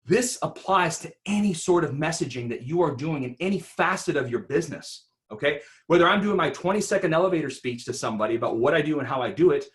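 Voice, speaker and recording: A man giving an instructional talk on speaking in online interviews, animated and rhetorical, often checking in with "right?". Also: fairly high pitch, quick pace, hardly any pauses. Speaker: presenter.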